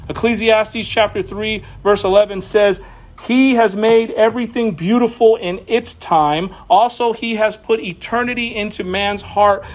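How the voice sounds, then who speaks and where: A young man delivers a sermon in a very high voice. His preaching is animated and swings between quiet passages and sudden raised bursts. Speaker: pastor.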